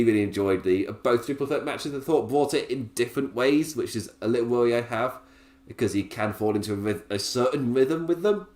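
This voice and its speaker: A man's voice: medium pitch, darkish tone, echoey room. A man hosting a podcast, recapping in a chatty, casual way with frequent laughs. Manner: chatty, laughs often, restarts sentences. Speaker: podcast host.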